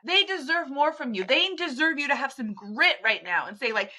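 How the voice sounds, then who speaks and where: A woman's voice: sits high, expressive, normal speed, hardly any pauses, pushed and bright. A woman hosting a podcast, speaking straight to the listener in a direct, emphatic motivational monologue. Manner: direct, pep-talk, blunt and emphatic. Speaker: podcast host.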